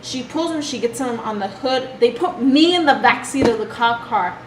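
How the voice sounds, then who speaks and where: A young woman telling a personal story from her childhood in a halting, emotional way. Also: on the high side, lively intonation. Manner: emotional, halting retelling with restarts. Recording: echoey room with background noise.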